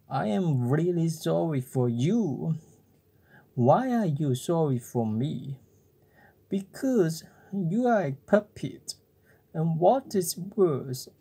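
A reader voicing a patient, wise old talking cricket who lectures calmly in a bedtime storybook reading. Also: mid-range voice, slightly rough, full character voice. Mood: pitying. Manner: calm, lecturing.

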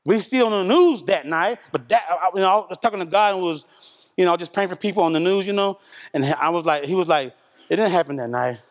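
A middle-aged man from Oklahoma delivers a sermon in a church, his voice pitched high for a man and carrying a long reverb through the hall. He tells stories in a loose, colloquial way, rising loud and then dropping to a hush. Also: quick pace. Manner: animated, colloquial storytelling with shifts between loud and hushed. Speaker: pastor. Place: church sanctuary.

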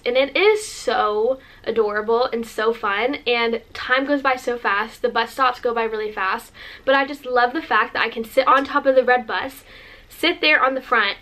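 Twenty-something american girl vlogging, kinda high voice, gushy and chatty, says like a lot. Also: pushed and bright. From Northern California, USA. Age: 20s. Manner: gushing, chatty, heavy use of "like". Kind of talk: casual sit-down vlog chat.

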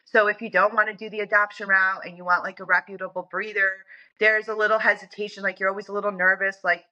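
A woman's voice: medium pitch, level tone, fast talker, bright, forceful tone, dull audio. A woman guest in a casual interview, talking in a chatty way full of "like" and "you know". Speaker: interview guest, dog owner.

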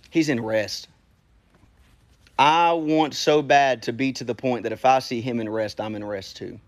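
A man preaching a casual, animated sermon to a congregation, talking straight to them in a conversational way. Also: medium pitch, measured pace.

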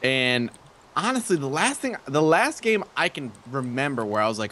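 Man, bright forceful voice, let's play co-host, easygoing, chatty, faint hiss. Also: mid-range voice, animated. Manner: easygoing, chatty, quick laughs. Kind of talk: casual gaming chat.

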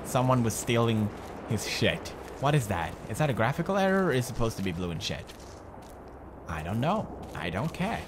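A man's voice: mid-range voice, sing-song, moderate pace, background noise. A young man in his twenties giving jumpy, swearing commentary while playing a horror game. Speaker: gamer commentator.

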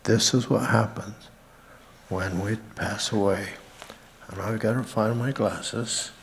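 An older man from Utah giving a halting family tribute at a memorial and reading scripture aloud. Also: lowish voice, fairly even intonation, creaky, a little hiss or hum. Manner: halting, with frequent pauses and fillers. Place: church sanctuary. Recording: reverberant church hall.

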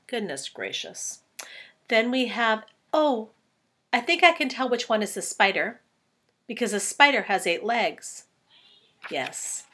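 Animated woman reading a story. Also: fairly high pitch. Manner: animated, asks children questions. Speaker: teacher reading aloud. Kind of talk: storybook read-aloud for children.

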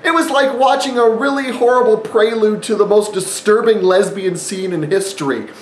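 A man's voice: high-pitched, normal speed, a little hiss or hum. Sarcastic man in a roomy recording. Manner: sarcastic, rambling, frequent fillers. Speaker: wrestling event reviewer, channel host. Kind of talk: casual review monologue.

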